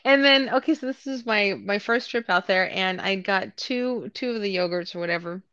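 Chatty woman telling animated stories. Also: medium pitch, normal speed, dry recording, highs cut off. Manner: animated, acts out quotes, laughs often. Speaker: podcast co-host. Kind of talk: casual storytelling chat.

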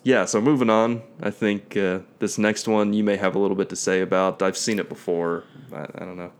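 Low-voiced man chatting easily. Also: level tone, brisk, smooth. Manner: easygoing, hedging, thinks aloud. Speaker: podcast co-host. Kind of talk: casual chat about video games.

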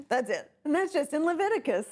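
A woman teaching a bible class, unhurried and often laughing with her students. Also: high-pitched, a little mellow. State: tickle in throat, coughing.

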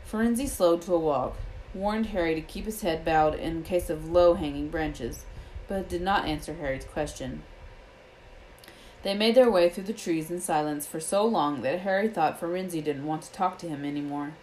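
Woman reading a kids' fantasy book out loud, steady, lower voice. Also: normal speed, a little hiss or hum, rough recording. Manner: steady storytelling. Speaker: audiobook reader. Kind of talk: reading a novel aloud.

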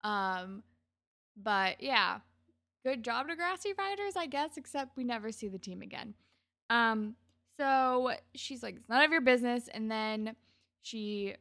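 A woman's voice: fairly high pitch, pushed and bright, no echo, studio quality. A woman co-hosting a podcast, retelling a TV episode casually and acting out the characters' lines. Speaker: podcast co-host. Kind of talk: casual chat recapping a TV episode.

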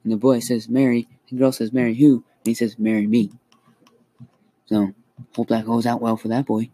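Brief: young guy, mellow husky voice, hesitant joke teller, dry close sound. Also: mid-range voice, little pitch movement, dry recording, poor audio. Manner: hesitant, halting delivery with many fillers. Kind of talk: casual joke telling.

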